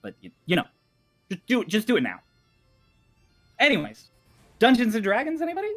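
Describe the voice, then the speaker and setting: A man running a tabletop game as game master, chatting about merch and then narrating the opening in a measured dramatic way. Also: sits high, huge pitch swings, fairly bright tone, faint music behind.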